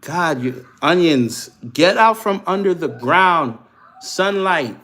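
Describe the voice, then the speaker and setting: This livestream host talks politics casually and slowly, his voice a little high, expressive, bright, and forceful. He laughs as he mocks and trash-talks his commenters in an African American Vernacular English accent.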